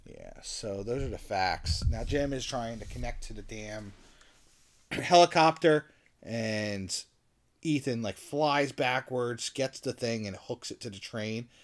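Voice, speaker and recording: A man co-hosting a podcast, retelling a movie scene in a loose, animated way and acting out the characters' lines. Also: medium pitch, slow pace. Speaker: podcast co-host. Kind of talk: casual movie recap chat.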